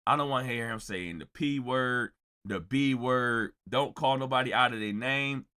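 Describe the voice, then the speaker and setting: A man's voice: mid-range voice, normal speed, sharp tone, smooth. A man giving casual reaction commentary in an emphatic, lecturing, sarcastic way. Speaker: reaction streamer.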